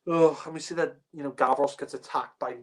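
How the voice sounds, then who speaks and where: A man's voice: on the high side, fairly even intonation, fairly quick. A man giving a casual spoken review rant, exasperated and profane, laughing often and using many fillers.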